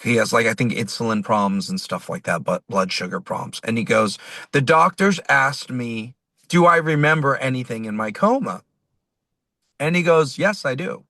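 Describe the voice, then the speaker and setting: A man's voice: mid-range voice, dry recording. A man, a musician being interviewed, telling a rambling story and acting out the dialogue as he goes. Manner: animated, rambling, acts out quoted dialogue. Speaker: musician guest.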